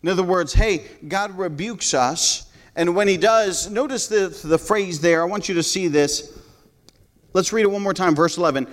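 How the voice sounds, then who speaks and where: A man's voice: high-pitched, normal speed. A man preaching a sermon as pastor, earnest, often restarting his words and paraphrasing scripture in a conversational tone.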